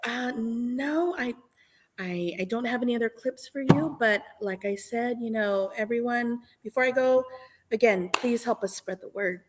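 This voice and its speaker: A woman chats as a guest on a live stream. She is animated and laughs often. She talks in loose bursts and restarts her sentences. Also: a little high, moderate pace, noisy background. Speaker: guest artist. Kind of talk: casual live-stream chat.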